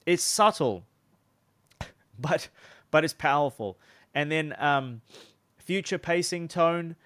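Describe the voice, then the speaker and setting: A man's voice: fairly high pitch, takes it slowly, a bit bright, dry recording. A young man teaching sales in a loose, chatty way, often restarting his sentences. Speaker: sales coach. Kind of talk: casual teaching talk.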